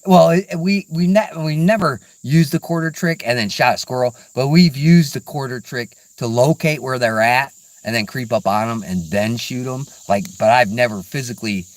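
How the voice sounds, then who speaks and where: Speaking at a moderate pace with hardly any pauses, this middle-aged man has a mid-range voice and no echo. He's a laid-back hunting vlogger rambling through casual chat in the woods, saying "dude" and "man" a lot.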